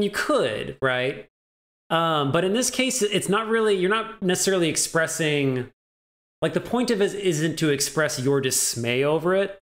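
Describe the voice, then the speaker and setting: Chatty young man teaching a language lesson. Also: on the high side. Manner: chatty, laughs often, acts out example lines. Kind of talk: casual live-streamed lesson.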